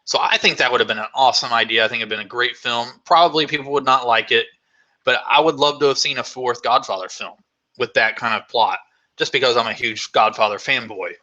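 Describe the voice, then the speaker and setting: A man hosting a casual live Q&A, with a very bright, sharp voice at an ordinary pitch. He rambles enthusiastically from thought to thought, filling the gaps with ums and likes. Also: fairly quick, lo-fi sound. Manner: rambling and enthusiastic, many fillers. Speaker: vlogger hosting a Q&A.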